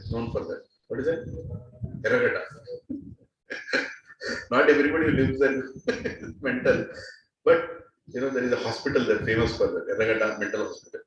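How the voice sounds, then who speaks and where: A man's voice: mid-range voice, slight background noise. A man with an Indian accent teaching a class, asking the audience questions and laughing now and then. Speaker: spiritual teacher. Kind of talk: lecture to a class. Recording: echoey hall from far off.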